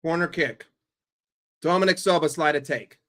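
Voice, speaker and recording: A man gives live football commentary on his watchalong stream, sarcastic and full of swearing. His voice sits somewhat high with a very bright, forceful edge. He drops into low grumbling and then bursts into loud yells. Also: moderate pace. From New York. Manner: profane, sarcastic and excitable, swinging from grumbling to yelling.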